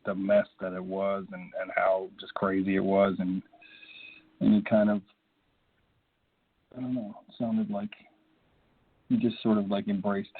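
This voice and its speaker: Low-voiced man rambling over phone. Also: level tone, measured pace, long pauses, breathy edge, no room sound. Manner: rambling, many fillers and restarts. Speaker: actor guest. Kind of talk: casual interview chat. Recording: tinny phone line, dry.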